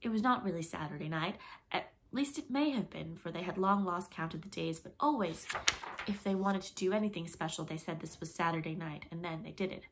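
Female audiobook narrator, somewhat low, steady and expressive. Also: a little fast, a little hiss or hum. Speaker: audiobook reader. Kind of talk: storybook narration.

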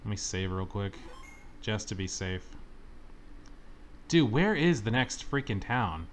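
A young man commenting on his gameplay, complaining dramatically and yelling at the game when things go wrong. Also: lowish voice, expressive, slow, slight background noise. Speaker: let's-play gamer. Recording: faint game music behind.

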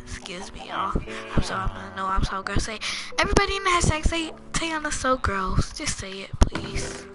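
Very animated and brisk, a young woman with a medium-pitched voice gives loose, chatty commentary while gaming, addressing viewers as "y'all" and often trailing off into murmurs, with music behind her.

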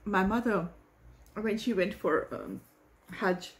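A woman hosting a reaction video, talking in an emotional, halting way and searching for words. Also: mid-range voice. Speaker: host reacting to a hymn. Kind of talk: casual reaction vlog.

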